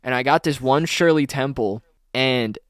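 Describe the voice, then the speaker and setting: A man's voice: medium pitch, moderate pace, a bit bright, no echo, clean studio sound. A young adult man telling a rambling, profane story in casual podcast chat, full of fillers and restarts. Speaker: podcast co-host.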